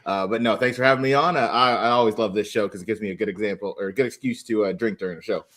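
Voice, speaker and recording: Low-voiced man breaking down races. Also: racing, fairly bright tone. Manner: thinking aloud with fillers, hedging opinions. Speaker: podcast guest handicapper. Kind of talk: casual analytical chat.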